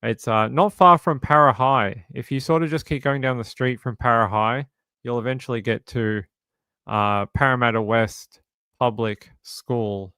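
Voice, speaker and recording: A chatty Australian man in his forties hosts a casual livestream, answering his viewers and joking around. He often repeats himself as he talks. His voice comes through smooth and clear, close and dry with no room sound. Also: medium pitch, a little slow, pushed and bright, no echo. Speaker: livestream host. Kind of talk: casual live-stream chat answering viewers.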